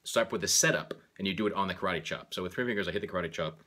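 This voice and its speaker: A man's voice: low-pitched, very fast, sharp tone. A man teaching a tapping technique, talking through each point and speaking the affirmations aloud as he taps. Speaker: tapping instructor. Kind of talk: guided tapping demonstration.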